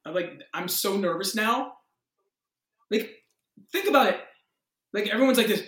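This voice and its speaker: A man in his thirties, an actor, telling a story in a casual interview with excited energy, acting out quotes and swearing freely. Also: high voice, moderate pace, pauses often, roomy sound. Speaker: actor guest.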